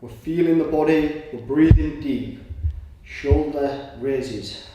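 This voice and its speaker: Man, somatic exercise coach, slightly high voice, encouraging cues, audible breaths, very echoey room, distant from mic. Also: slow, dull audio, background noise. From Britain. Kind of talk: guided exercise instruction.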